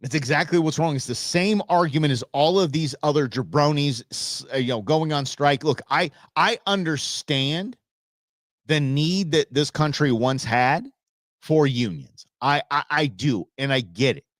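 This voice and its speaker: Man, talk show host, blunt ranting commentary, slightly raised pitch, dry close sound. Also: a little slow, no room sound. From Arizona. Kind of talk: opinionated solo commentary.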